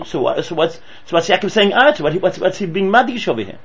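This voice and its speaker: A man teaches a Torah lesson in a high, husky voice that swings widely in pitch. He talks excitably, often repeating and restarting his words. The recording is dull and lo-fi, with a hum underneath. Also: quick pace, hardly any pauses.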